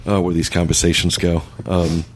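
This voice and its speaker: A man's voice: deep voice, flat delivery, moderate pace. A man hosting a casual podcast roundtable, running segments and laughing often with his co-hosts. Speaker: podcast host.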